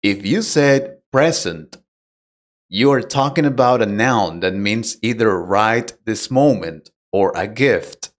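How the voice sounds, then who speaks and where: A man's voice: lowish voice, a little slow, hardly any pauses. A man teaching a pronunciation lesson, explaining plainly and patiently and putting direct questions to the learner. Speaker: English teacher. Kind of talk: slow, deliberate English lesson.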